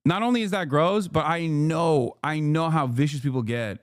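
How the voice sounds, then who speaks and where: A man's voice: fairly high pitch, normal speed, no room sound, studio quality. A man streaming a reaction video, ranting in a heated and profane way and firing off indignant rhetorical questions. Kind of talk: casual live-stream commentary.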